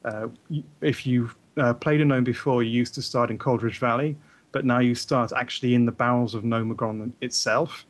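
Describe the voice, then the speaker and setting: A man talking casually about games with a mid-pitched voice. He explains things with real enthusiasm but halts often, filling the gaps with ums and uhs. His tone is that of an easygoing co-host. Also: steady tone, moderate pace. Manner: enthusiastic, hesitant explainer with many fillers. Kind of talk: casual gaming chat.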